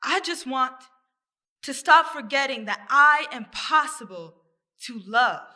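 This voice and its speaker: A woman performs her spoken-word poem in a high, very bright and sharp voice. She takes it slowly and deliberately, leaning on rhythm and repetition. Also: expressive. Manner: rhythmic, deliberate, repeating phrases. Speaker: poet.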